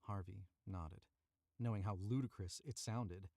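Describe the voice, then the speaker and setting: A man's voice: fairly low pitch, a little slow, vocal fry, dark tone, no echo, clean studio sound. A man reading a story aloud on a live stream from a cramped booth, chatting to viewers and redoing lines he stumbles on. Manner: chatty, self-correcting, retakes lines. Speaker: voice actor narrating a story.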